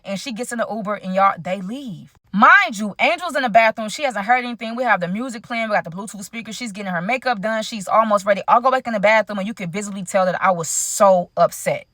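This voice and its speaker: Young adult woman vlogger, lively slangy storytime delivery, dead-dry room. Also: mid-range voice, fast talker, hardly any pauses, no echo. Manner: animated, slangy, addresses viewers as y'all. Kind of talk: casual storytime.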